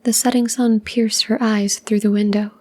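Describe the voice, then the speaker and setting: A woman reading a short story aloud in a soft, even ASMR whisper. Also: fairly high pitch, moderate pace.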